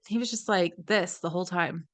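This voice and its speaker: A woman's voice: lowish voice, a little fast, no echo. A woman co-hosting a podcast, telling stories in casual chat, acting out the people she quotes and swearing now and then. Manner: chatty storyteller, acts out quoted voices, swears casually. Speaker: podcast co-host.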